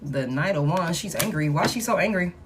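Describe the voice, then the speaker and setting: A woman's voice: on the low side, expressive, a little fast, background noise. A woman, chatting casually to her viewers as she reads tarot cards aloud in a live stream. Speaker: tarot reader.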